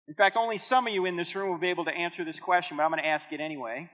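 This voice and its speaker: A man's voice: high voice, racing. A man in his fifties giving a church seminar talk, telling stories with jokes and acting out dialogue. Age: 50s. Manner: animated storytelling with jokes and acted dialogue. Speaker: Christian apologetics speaker. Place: church hall with audience. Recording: echoey hall on a tinny phone-like line.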